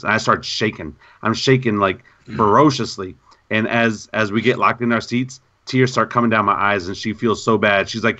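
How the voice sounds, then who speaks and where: A man co-hosting a gaming podcast in casual chat, an animated storyteller who repeats himself. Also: on the low side, brisk, dull audio. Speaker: podcast co-host.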